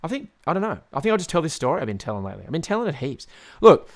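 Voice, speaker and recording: A man's voice: on the high side, sing-song, rapid-fire. A man, hosting a podcast and telling a rambling story with loose swearing and many restarts. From Tasmania, Australia. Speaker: podcast host.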